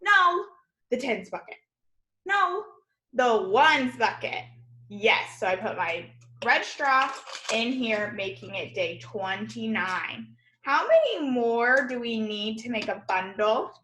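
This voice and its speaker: A woman teaching an online class from home, drilling sight words and punctuation in a slow, clear, sing-song way. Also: fairly high pitch, big pitch swings, bright, forceful tone, echoey room, a little hiss or hum, low-quality recording. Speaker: kindergarten teacher. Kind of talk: distance-learning classroom lesson. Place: room at home.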